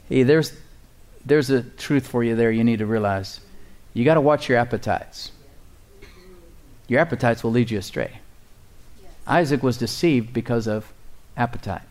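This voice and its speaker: A man's voice: medium pitch, normal speed, pauses often, darkish tone. A man preaching a sermon. He reads scripture aloud and breaks off into plain-spoken, folksy asides to his listeners. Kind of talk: sermon reading and explaining scripture.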